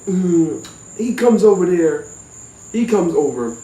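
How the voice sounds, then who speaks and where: A man telling a comic personal story in an animated, profane, rambling way. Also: high-pitched, slow, recorded from a distance. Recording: roomy echo, off-mic.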